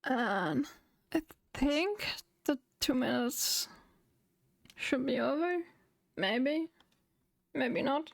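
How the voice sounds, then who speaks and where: A woman streaming live, chatting, thinking aloud and getting excited. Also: high voice, very slow, gravelly, long pauses. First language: German. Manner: excitable, talks to herself while thinking. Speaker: VTuber streamer. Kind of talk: live game stream chat.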